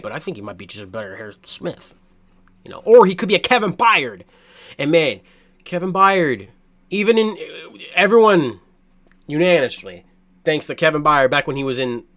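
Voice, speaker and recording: A man's voice: on the high side, brisk. A man giving a blunt, profane, rambling reaction to a sports draft as a fan, full of restarts and fillers. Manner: excitable, swears a lot, blunt opinions. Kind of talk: casual sports reaction rant.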